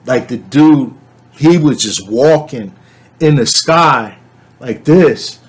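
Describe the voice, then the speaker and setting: A man's voice: medium pitch, slow pace. A man telling a dream to camera in a casual, rambling way, with many fillers and restarts. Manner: animated storyteller, shouts when reenacting. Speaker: channel host.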